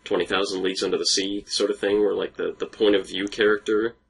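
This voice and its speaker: A man's voice: on the low side, flat delivery, quick pace, gravelly, husky. A young man co-hosting a podcast in casual chat, laughing often and swearing freely. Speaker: podcast co-host.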